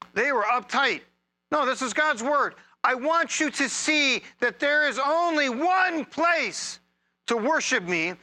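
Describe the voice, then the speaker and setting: A man preaching a sermon as a pastor, conversational and humorous, with energetic bursts of emphasis. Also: very high-pitched.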